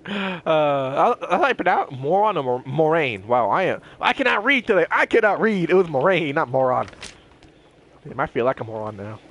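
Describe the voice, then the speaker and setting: A man's voice: fairly high pitch, a bit bright, slight background noise. A man giving casual let's-play commentary, playful and jokey, talking to himself as he explores. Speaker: gameplay commentator.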